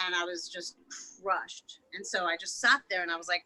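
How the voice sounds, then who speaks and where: A woman's voice: on the low side, a little fast, bright, forceful tone, rough recording. A woman guest on a podcast telling a painful story in an emotional, unfiltered way, swearing freely and often stumbling and restarting her sentences. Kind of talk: candid storytelling interview.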